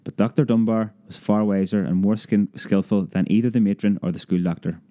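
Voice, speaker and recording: A man reading a childhood memoir aloud as an audiobook, lively storytelling that raises his pitch for a child's cries. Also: brisk. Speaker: narrator.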